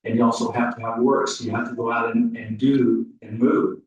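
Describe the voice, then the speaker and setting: A man giving a rambling, folksy eulogy at a funeral service, full of halting restarts. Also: medium pitch, level tone, muffled recording. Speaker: funeral speaker. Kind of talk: eulogy storytelling. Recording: echoey hall, mic off at a distance.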